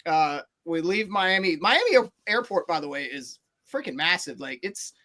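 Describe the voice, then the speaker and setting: A man telling a long story on a casual podcast, animated and rambling, with many fillers and restarts. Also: on the high side, moderate pace.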